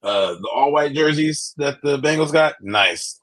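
A man's voice: fairly high pitch, animated, a little slow, fairly bright tone. A man co-hosting a sports podcast, laid-back and teasing in casual chat. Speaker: podcast co-host.

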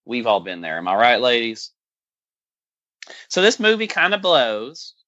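Sarcastic rambling man, bright and dry. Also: medium pitch, wildly swooping pitch, a little slow, no room sound, lo-fi sound. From American South. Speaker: podcast host. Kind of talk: casual movie-review chat.

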